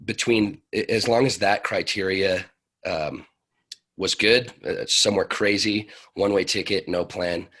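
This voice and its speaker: Low husky-voiced man, laid-back. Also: unhurried, a bit bright. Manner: laid-back storytelling with loose phrasing. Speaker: podcast guest, traveler. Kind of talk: casual conversation.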